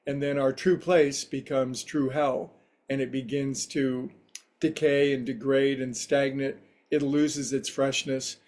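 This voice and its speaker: A man giving a spiritual talk to a livestream group as meditation teacher, telling a story in a gentle, reflective way. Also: medium pitch, level tone, a little slow.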